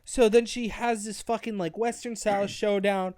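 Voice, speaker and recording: A man's voice: sits high, steady tone, normal speed, a little mellow, no room sound, studio quality. A man co-hosting a casual review chat, crude and sarcastic, often restarting his sentences. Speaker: podcast co-host.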